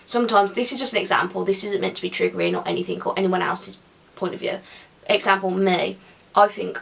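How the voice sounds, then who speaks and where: A woman's voice: medium pitch, big pitch swings, brisk, vocal fry, fairly bright tone. A young woman chatting casually to camera in an upbeat Q&A vlog, with giggly asides. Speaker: vlogger.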